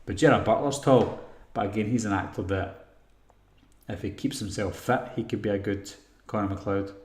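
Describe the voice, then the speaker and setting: Scottish male live-stream host, casual and meandering, slightly low voice, echoey room. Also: normal speed, darkish tone. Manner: rambling, thinks aloud while reading chat comments. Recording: roomy echo.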